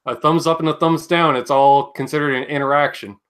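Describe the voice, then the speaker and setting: A man's voice: fairly high pitch, fairly even intonation, a little fast, a bit bright. A man hosting a casual livestream chat, joking and reading viewer comments aloud. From Canada. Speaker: livestream host.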